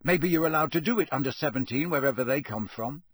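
A man's voice: on the high side, quick pace, husky, no room sound, clean studio sound. A man voicing an eager teenage schoolboy guessing aloud.

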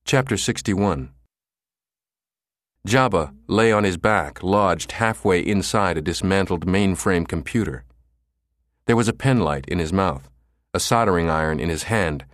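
A man narrating a thriller audiobook in a measured, dramatic way. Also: low-pitched, dry recording, clean studio sound.

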